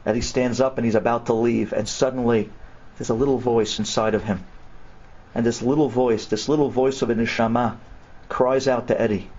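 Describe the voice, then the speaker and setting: A male rabbi telling a dramatic story in an animated way, mixing in Hebrew phrases. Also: medium pitch, a little fast, breathy edge. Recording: dull lo-fi recording.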